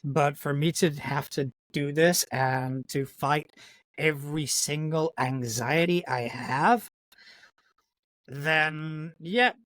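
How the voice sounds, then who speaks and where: A podcast co-host from Yorkshire, a man, putting on an American accent in a slightly high voice. He swears freely and mocks himself through casual banter, and the sound is dry and close. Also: slow pace, fairly bright tone, no echo. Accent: put-on American accent. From Yorkshire, England. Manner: sweary, self-mocking banter.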